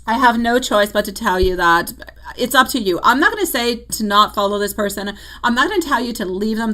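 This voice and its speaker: A woman giving tarot readings on a live stream, chatting fondly with viewers and calling them sweetie and my love. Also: poor audio. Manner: laughs easily, voice jumps high when excited. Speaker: tarot reader.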